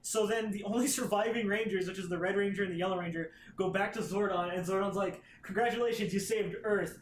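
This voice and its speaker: A man's voice: high voice, steady tone, fast, a little hiss or hum. A man on a podcast casually recapping a comic plot, rambling and swearing, acting out characters' lines. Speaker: podcast co-host. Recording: roomy echo.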